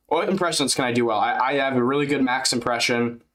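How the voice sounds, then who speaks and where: A young male streamer talks over a live fight broadcast in a casual, rambling way, tossing out crude jokes. His voice sits at an ordinary middle pitch. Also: quick pace, a bit bright. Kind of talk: live fight-companion chat.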